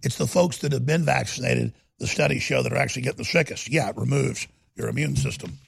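A man hosting a talk radio show, delivering a heated, ranting monologue that swings between loud and quiet. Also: medium pitch, quick pace, creaky, slightly rough, no echo, clean studio sound.

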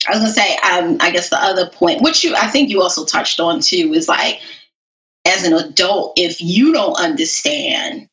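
A woman hosting a casual interview, asking questions in a relaxed, conversational way. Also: fairly low pitch, moderate pace, highs cut off. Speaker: host.

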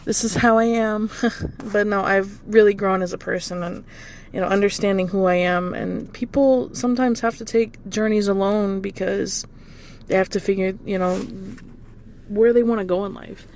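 A woman hosting her own podcast, rambling casually and goofily while encouraging her listeners with warm affirmations. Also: mid-range voice, fairly even intonation, moderate pace, a little hiss or hum. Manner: goofy, rambling, hypes listeners up; affectionate, encouraging. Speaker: podcast host. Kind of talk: casual motivational monologue.

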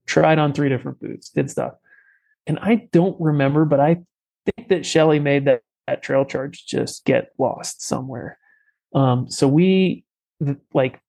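A man's voice: mid-range voice, gravelly, a little mellow, low-quality recording. A man telling a story in a casual, rambling way, with many fillers and restarts. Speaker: podcast guest.

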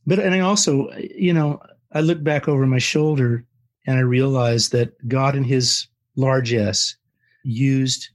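An older man who is a guest on an interview, telling a story with animated, acted-out quotes. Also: medium pitch.

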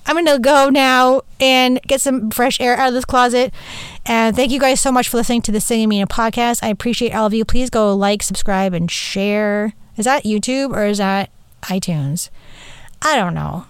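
Woman, podcast host, rambling and sweary, smooth higher voice, dry close sound. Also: normal speed, dry recording. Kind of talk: casual monologue. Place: small closet.

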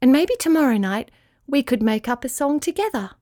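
Tiny brave spider girl, read by a woman, high and bright, eager storybook voice. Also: expressive, a little fast. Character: tiny cheerful female spider, timid but brave.

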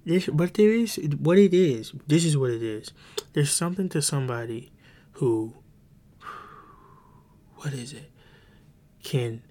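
A man's voice: medium pitch, darkish tone. A man hosting a podcast, telling a story in rambling casual chat with many restarts and some swearing. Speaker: podcast host.

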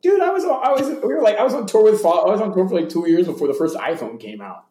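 A man telling road stories as an interview guest in a loose, excitable way, full of fillers and restarts. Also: high voice, echoey room. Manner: animated, fast, lots of fillers and restarts, acts out voices. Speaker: interview guest, former tour hypeman. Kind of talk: casual storytelling.

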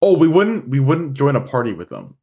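A man co-hosts a podcast in a relaxed, conversational way. He tells stories with lively energy and laughs often, and his voice has a middle pitch. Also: fairly quick, gravelly, breathy edge. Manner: animated, laughing storyteller. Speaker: podcast co-host. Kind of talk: casual chat.

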